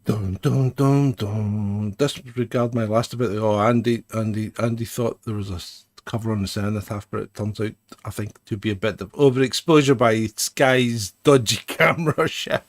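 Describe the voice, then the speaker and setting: A man's voice: lowish voice, moderate pace, no echo. A man co-hosting an irreverent live commentary, sarcastic and ranting, laughing often.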